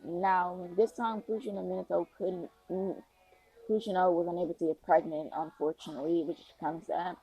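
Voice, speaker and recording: Woman storyteller, casual and rambling, low husky voice over faint music. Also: fairly even intonation, normal speed, mellow, poor audio. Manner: rambling, filler-heavy, restarts often. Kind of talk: casual improvised fan story.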